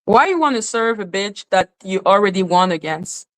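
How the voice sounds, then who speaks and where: A woman with a slightly non-native accent hosts a commentary channel, ranting about a court case through exasperated, profane rhetorical questions. Her mid-range voice is animated and at normal speed.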